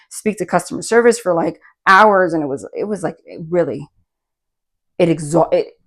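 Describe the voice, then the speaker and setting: A woman's voice: fairly low pitch, vocal fry. A woman giving a casual spoken tarot reading, chatty and rambling, with many fillers and restarts. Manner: bursts of laughter and excited asides. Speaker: tarot reader.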